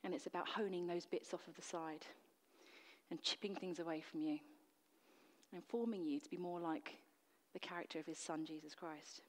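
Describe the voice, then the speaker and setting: A woman's voice: on the low side, moderate pace, big-room sound. A woman preacher delivering a sermon in an earnest, emphatic way, full of rhetorical questions. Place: church.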